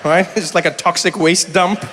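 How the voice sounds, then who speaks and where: Animated man doing stand-up in a hall. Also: high-pitched, normal speed, background noise. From South Africa. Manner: animated storytelling, acting out voices. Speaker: stand-up comedian. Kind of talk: stand-up comedy with crowd work. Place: large theater stage. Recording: reverberant hall with faint ambience.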